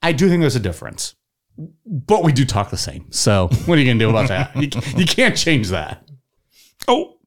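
Lively southern Ohio man, casual podcast. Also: mid-range voice, a little fast. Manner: animated, rambling, laughs often. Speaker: podcast co-host. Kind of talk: casual banter.

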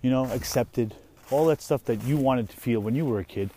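A young man talks off the cuff while walking outdoors through the woods, swearing freely and restarting his sentences. His voice is mellow and a little dark, sitting at an ordinary pitch. He wanders from thought to thought in a loose, casual way. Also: fairly quick, a little hiss or hum. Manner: rambling, profane, trailing off and restarting. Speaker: vlogger and parent.

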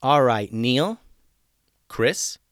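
A man voicing a calm, commanding ninja leader in a storybook reading. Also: mid-range voice, no echo, clean studio sound, voice pushed up. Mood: firm. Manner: measured, commanding. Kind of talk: storybook character voice.

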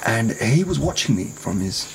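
A man casually telling a long anecdote to a friend, animated and lively when quoting others. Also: lowish voice, normal speed, vocal fry, a little hiss or hum. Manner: animated storytelling with acted quotes. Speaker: storyteller guest.

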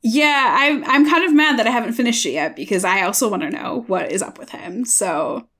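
A young woman co-hosting a podcast, chatting casually about a book with lots of "like" fillers. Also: fairly quick. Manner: chatty, many "like" fillers, lively pitch swings. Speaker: podcast co-host.

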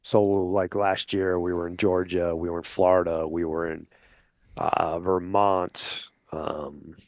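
A man speaking as a podcast guest, persuasive and explanatory, often checking in with listeners with a quick "okay?". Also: deep voice, little pitch movement, darkish tone, dry recording, clean studio sound. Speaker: hunting advocate guest. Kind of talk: casual podcast conversation.

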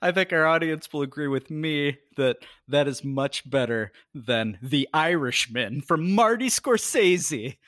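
A man's voice: fairly high pitch, lively intonation, unhurried, few pauses, a bit bright, no room sound, clean studio sound. A man co-hosting a podcast, teasing his partner crudely, often restarting his sentences. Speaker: podcast co-host. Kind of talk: casual podcast banter.

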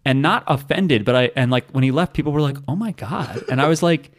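Man, podcast co-host, animated jokey storyteller, casual chat, dry close sound. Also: medium pitch, fairly quick, no echo.

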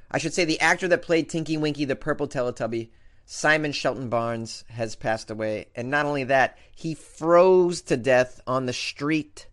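A male host reads strange news items and then jokes about them with playful mock outrage. His voice sits at an ordinary middle pitch. The delivery is a loose, casual comedic commentary.

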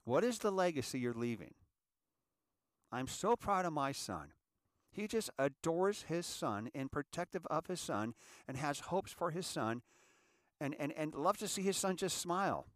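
A man giving a reflective inspirational talk, calling listeners ladies and gentlemen and repeating phrases for emphasis. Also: a little high, very animated, unhurried, dry recording, clean studio sound. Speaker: inspirational speaker.

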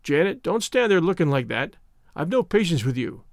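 A man's voice: on the high side, very animated, normal speed, no room sound, studio quality. A man doing a haughty elder sister. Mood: scornful. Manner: imperious, scornful. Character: proud, quick-tempered young woman, elder sister.

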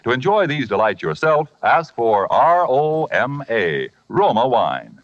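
A man announcing a scripted radio advertisement in a smooth, persuasive way. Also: mid-range voice, very animated, unhurried. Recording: dull old radio recording.

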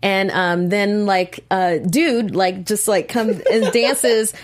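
A woman co-hosting a casual chat, telling stories in an animated, giggly way with fillers. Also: medium pitch, slow pace. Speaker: co-host.

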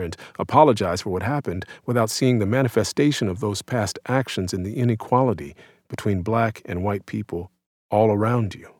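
A man in his thirties from the United States, reading his own essay aloud in a measured, reflective and somber way. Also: lowish voice, a little mellow, no room sound, studio quality. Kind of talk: scripted narration.

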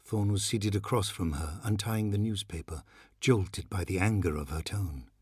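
Man, audiobook narration, measured and dramatic, low husky voice, dry close sound. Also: darkish tone, dry recording. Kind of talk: audiobook reading.

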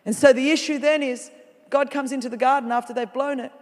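A woman preaching a sermon as a guest speaker in a large church, animated and playful, with comic asides. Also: high-pitched, a little fast. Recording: long reverb of a large hall.

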